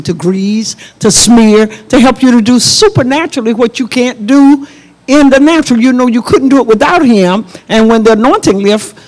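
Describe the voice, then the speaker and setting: A middle-aged woman minister hosting a faith talk show, speaking in a measured, teaching tone and telling family stories. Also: fairly high pitch, a little mellow.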